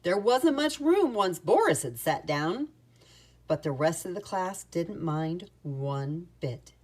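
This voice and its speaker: A woman reading a children's picture book aloud in an expressive, sing-song storytelling manner. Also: lowish voice, slow pace.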